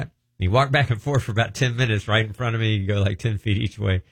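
A middle-aged minister telling a long, meandering testimony and often breaking off mid-sentence. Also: male voice, sits low, brisk, hardly any pauses, no room sound. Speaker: deliverance minister. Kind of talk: rambling testimony storytelling.

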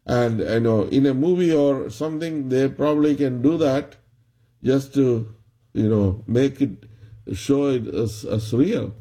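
A man preaching a sermon, retelling a story in a slow, halting way with many restarts. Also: medium pitch, dark tone, breathy edge.

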